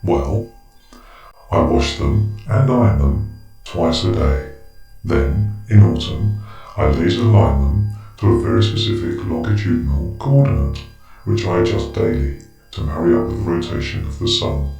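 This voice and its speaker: Guy putting on a really low deadpan storybook dude, sounds far off with music behind. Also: measured pace, full character voice. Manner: deadpan, mock-serious. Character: rambling, deadpan grown man in storybook. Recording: distant echoey voice over music.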